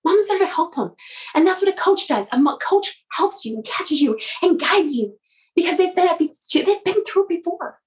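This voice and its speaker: A woman coach telling a motivational story in an animated way, often repeating her words. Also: extremely high pitch, normal speed, low-quality recording.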